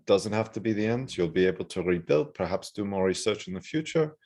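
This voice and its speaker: A calm, level-headed adventurer bargaining with a captive, reassuring yet firm, in a fairly low, steady voice, as a player puts him on at the table. He promises safety in slow, even phrases rather than threats. It is a tabletop game session. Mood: coaxing.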